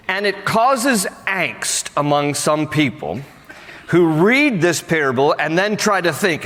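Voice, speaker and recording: A male pastor preaching a sermon in a conversational, humorous way, with animated asides. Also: fairly high pitch, measured pace. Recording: long hall reverb.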